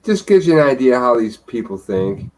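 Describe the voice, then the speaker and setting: A man on a livestream panel talking casually, halting with many ums and uhs. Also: medium pitch, sing-song, a little mellow, rough recording. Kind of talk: casual chat.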